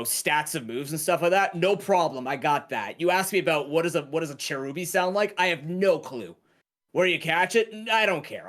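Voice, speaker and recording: A Canadian man in his thirties, a game runner, chats casually and rambles while playing a game on stream. His voice is a little high with a fairly bright tone.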